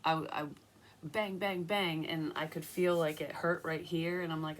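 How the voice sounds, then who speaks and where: A young woman with a low voice talks her way through a casual tarot reading. She rambles from story to story and swears freely. A faint hiss of background noise sits under her voice. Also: steady tone, unhurried. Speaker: psychic tarot reader.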